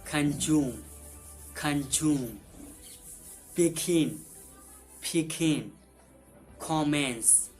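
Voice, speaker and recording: A man with Hindi as his first language teaches English words, saying every one twice in simple, broken English. He talks slowly with long pauses, in a fairly bright voice on the high side, while faint music plays behind him.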